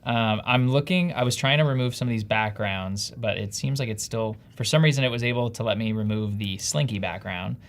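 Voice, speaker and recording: A man's voice: on the low side, a little fast, few pauses. A man with a New Jersey accent, co-hosting a casual live stream in an upbeat, chatty, self-deprecating way. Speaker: livestream co-host.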